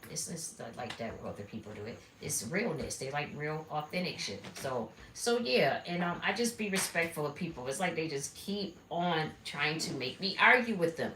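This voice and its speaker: A woman's voice: low-pitched, normal speed, hardly any pauses. A woman live streaming, telling a rambling personal story in a blunt, repetitive, conversational way. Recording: echoey room with steady background noise.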